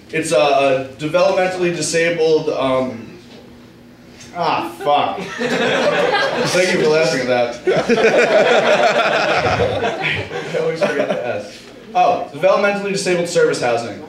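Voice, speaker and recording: A young man tells loose, profane, self-mocking stories in a stand-up set, his voice sitting high for a man. He sounds far from the recorder in a very echoey room. An audience laughs loudly around him. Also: expressive, measured pace, long pauses. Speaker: stand-up comic. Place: small comedy club stage.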